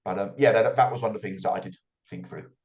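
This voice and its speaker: A man's voice: lowish voice, steady tone, fast, a little mellow, lo-fi sound. A middle-aged man answering as an author guest in an interview, reflective and often repeating his words as he starts a thought.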